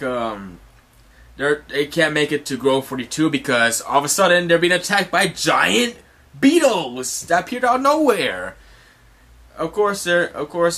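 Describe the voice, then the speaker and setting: A man's voice: a little high, big pitch swings, measured pace, sharp tone. A man casually recapping a comic chapter as host, rambling with many fillers and restarts and some swearing.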